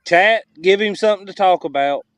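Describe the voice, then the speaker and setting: A man's voice: high voice, fairly quick, fairly bright tone, rough recording. A man on a fishing boat, chatting casually and explaining what the fish finder shows. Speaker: fishing partner. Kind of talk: casual livestream banter.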